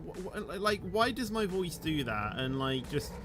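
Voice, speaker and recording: A man's voice: on the high side, sing-song, measured pace, music in the background. A man chatting casually on a game livestream, rambling and peppering his sentences with "you know", his voice rising at the end of sentences. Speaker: game streamer.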